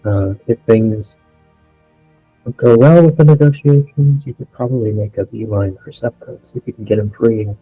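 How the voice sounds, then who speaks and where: A man's voice: medium pitch, normal speed, slightly rough, no echo, faint music behind. A man playing a tabletop game, planning aloud and giving the group directions. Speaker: player. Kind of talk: casual tabletop game chat. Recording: dull lo-fi audio.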